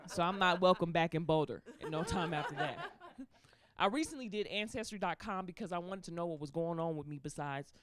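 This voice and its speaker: A woman's voice: on the low side, fairly quick, a crowd in the background. A woman doing a stand-up comedy set, telling stories and acting out the voices of the people in them. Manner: animated storytelling, acts out voices of people in the story.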